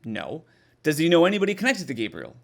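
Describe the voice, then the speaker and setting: A man reviewing a horror movie in a casual, exasperated way, with a slightly high voice. His pitch swings widely as he mocks the film, and he swears freely. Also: wildly swooping pitch, fast talker, gravelly.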